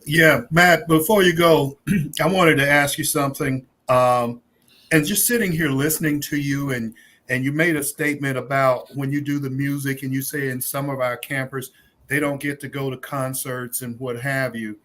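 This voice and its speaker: Guy co-host taking his time with a question, mid pitch. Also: steady tone, normal speed, fairly bright tone. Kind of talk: casual interview question.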